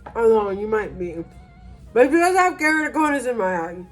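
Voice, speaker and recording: A woman's voice: a little high, sing-song, brisk, soft background music. A tipsy woman rambling through a casual vlog, mocking herself, trailing off and restarting her sentences. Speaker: vlogger.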